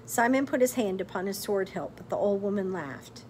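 A woman reads a storybook aloud with expressive narration, pausing to ask her listeners questions like a teacher. Her voice sits in an ordinary middle pitch. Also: slight background noise. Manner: expressive, pauses to quiz listeners.

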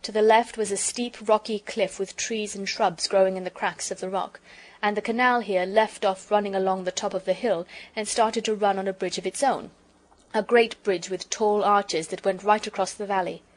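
Gentle woman reading a storybook. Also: medium pitch, steady tone, normal speed. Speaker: audiobook narrator. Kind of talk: scripted storybook narration.

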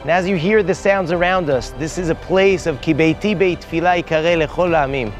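A man's voice: a little high, fairly quick, faint music behind. A man, a rabbi and tour guide, telling a heartfelt story to visitors outdoors at a holy site, with Hebrew phrases mixed in.

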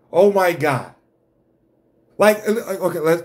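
A man's voice: a little high, lively intonation, moderate pace. A man hosting an exasperated ranting commentary, blunt and profane. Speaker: host.

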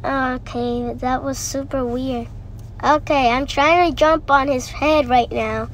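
Woman gamer, sick, high voice, unhurried rambling let's-play chatter. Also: slight background noise, rough recording. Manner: rambling, excitable, repeats phrases.

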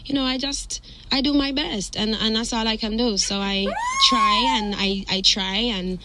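A woman's voice: on the high side, wildly swooping pitch, normal speed, very noisy. A woman guesting on a radio show in a studio, playfully switching between put-on accents, speaking into a studio mic. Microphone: studio mic and headphones.

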